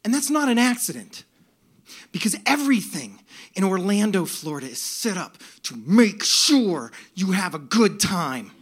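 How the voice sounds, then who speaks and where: A man's voice: sits high, very animated, unhurried, slightly rough. Sardonic man telling a story on stage. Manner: sardonic, building to bursts of mock outrage. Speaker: storyteller performer. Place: stage before a laughing audience.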